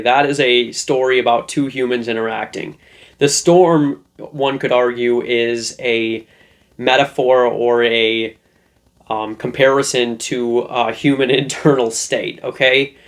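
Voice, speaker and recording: A man hosting a relationship advice lesson, talking loosely and conversationally. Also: mid-range voice. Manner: loose, conversational, with fillers and restarts. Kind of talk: casual talking-head lesson.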